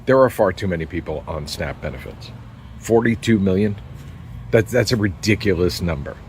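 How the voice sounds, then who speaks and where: A man's voice: fairly low pitch, slight background noise, poor audio. A man delivering a firm, argumentative opinion monologue.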